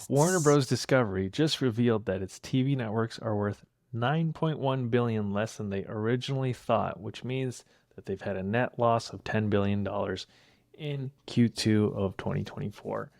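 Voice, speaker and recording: A man's voice: fairly low pitch, normal speed, vocal fry, darkish tone, dry recording, clean studio sound. A young man co-hosting a casual podcast, laid-back and hesitant, full of ums. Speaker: podcast co-host.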